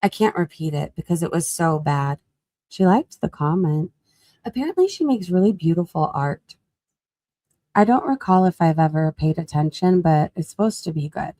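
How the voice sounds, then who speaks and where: A woman with a lowish voice talks casually through a live gossip stream, laughing and putting questions to her chat. The sound is dry and close, with no room around it. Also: animated, normal speed, warm tone, no room sound. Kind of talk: casual commentary while scrolling.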